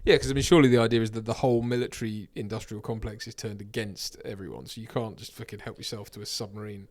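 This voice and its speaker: A man's voice: on the low side, fairly even intonation, fast. A man co-hosting a film commentary, chatting casually and rambling, often trailing off and restarting.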